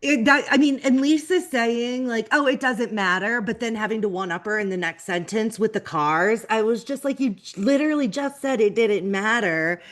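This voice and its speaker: Woman from new orleans chatting on a recap podcast, quick and emphatic. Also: a little high. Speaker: podcast co-host. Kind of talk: casual recap chat.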